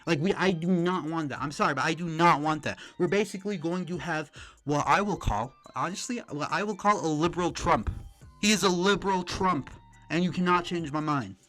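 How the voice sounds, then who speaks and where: A man's voice: fairly high pitch, fairly quick, fairly bright tone, low-quality recording. A man delivers a heated, profane reaction rant, mocking and scolding the person on screen. His voice sits a bit above the usual male range, with faint music underneath. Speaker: streamer reacting to clips. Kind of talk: ranting reaction commentary.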